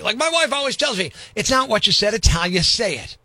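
A man's voice: high-pitched, big pitch swings, brisk, hardly any pauses, sharp tone, dry recording. A man hosting a morning radio show, talking in a brash, mocking, sarcastic way. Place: radio studio.

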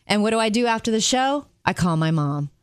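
Smooth-voiced woman co-host telling a story. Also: medium pitch, lively intonation, a little fast, no room sound, studio quality. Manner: earnest, storytelling. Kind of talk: casual chat.

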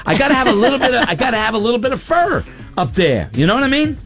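A man's voice: very high-pitched, racing, over music. A man in a casual group chat, telling a funny story with lots of laughter and acted-out sounds. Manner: animated storyteller, laughs often, acts out sounds.

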